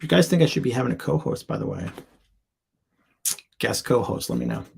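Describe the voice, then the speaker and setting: Casual live-stream reviewer: a man with a gravelly, creaky edge, rambling and loose. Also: medium pitch, huge pitch swings, brisk, a little mellow. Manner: loose and chatty, full of ums and likes, thinking aloud. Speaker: sales account executive reviewing seller listings.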